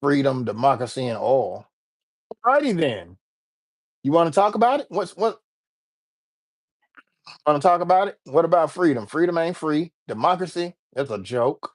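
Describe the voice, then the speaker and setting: A man's voice: on the high side, sing-song, normal speed, pauses often. Laid-back American man chatting on a stream. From United States. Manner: laid-back, slangy, rambling. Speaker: livestream host. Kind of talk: casual livestream chat.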